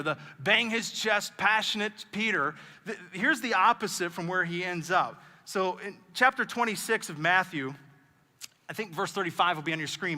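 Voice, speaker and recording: A man preaching a sermon as pastor, telling the story in an animated way and acting out the lines he quotes. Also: sits high, long reverb tail. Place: church auditorium.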